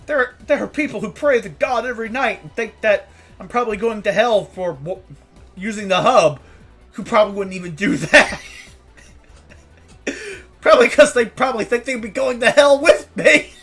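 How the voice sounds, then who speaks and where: A woman's voice: fairly high pitch, lively intonation, normal speed, pauses often, fairly bright tone, husky, soft background music. A woman streamer chatting casually, ranting and swearing with frequent laughter.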